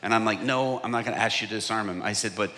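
Bright-voiced preacher man in a reverberant hall. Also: fairly low pitch, fast talker. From United States. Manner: animated, acts out quotes with big swings in loudness. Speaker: evangelist preacher. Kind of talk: sermon storytelling.

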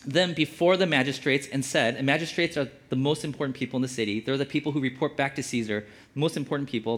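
A man giving casual Bible teaching as a preacher, conversational and full of filler words. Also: medium pitch. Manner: conversational, lots of "like" fillers, acts out quotes.

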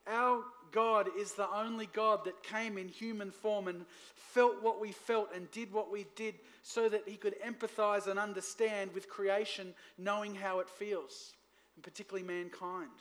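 A man preaching to a church congregation, lively, asking the room for responses. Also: high voice. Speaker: pastor. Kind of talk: sermon.

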